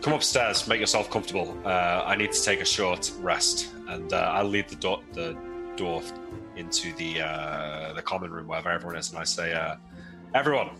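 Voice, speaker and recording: Deep-voiced man playing a tabletop game. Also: level tone, moderate pace, over music. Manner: hesitant, many fillers. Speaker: player. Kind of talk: casual tabletop play.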